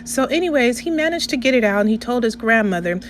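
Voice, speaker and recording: A woman's voice: fairly high pitch, animated, fast talker, a little hiss or hum. Chatty woman telling a story. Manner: chatty, checks in with listeners. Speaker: vlogger. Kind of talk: casual storytelling voiceover. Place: indoors, recorded separately from the restaurant footage.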